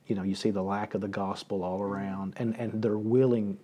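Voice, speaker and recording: A man's voice: fairly low pitch, level tone, a little fast, muffled recording. A man, a pastor, hosting a casual conversation, joking around and asking lots of questions. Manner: joking, asks many questions.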